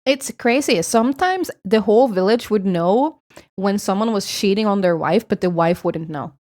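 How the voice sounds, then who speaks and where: A woman's voice: mid-range voice, lively intonation, moderate pace, darkish tone. A woman from Sweden with a Swedish accent, streaming and chatting casually with viewers in a rambling, swearing style.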